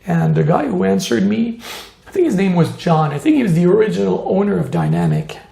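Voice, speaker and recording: A man tells his story in an interview, his voice pitched high and deeply gravelly. He talks animatedly, slipping into the voices of the people he quotes and scattering "you know" through his sentences. The recording carries a noticeable room echo. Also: expressive, a little fast, dark tone. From Montreal, Canada. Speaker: tattoo artist.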